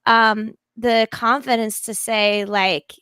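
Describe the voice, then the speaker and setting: A woman being interviewed as a podcast guest, talking in an animated, enthusiastic way in long flowing runs. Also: a little high, takes it slowly, smooth, no room sound. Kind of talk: casual interview talk.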